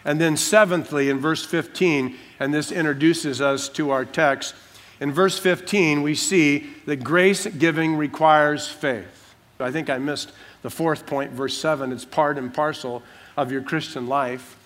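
A man preaching an expository sermon as pastor, emphatic, slowing down to stress key words. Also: a little high, steady tone, a bit bright.

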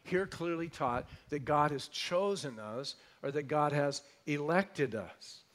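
A male pastor preaching a sermon emphatically, repeating phrases and swinging between loud declarations and soft asides. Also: fairly high pitch, slow pace, hardly any pauses.

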